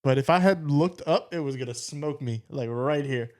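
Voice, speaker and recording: A man's voice: fairly high pitch, moderate pace, darkish tone. A man co-hosting a podcast, telling stories in a laid-back, wry way into a podcast mic while wearing headphones. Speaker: podcast co-host. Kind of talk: casual podcast chat.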